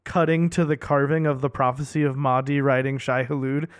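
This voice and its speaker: A man's voice: mid-range voice, little pitch movement, fairly quick, clear, resonant tone, no room sound, clean studio sound. A man co-hosting a casual film podcast, rambling with many fillers and joking around. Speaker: podcast co-host. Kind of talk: casual chat.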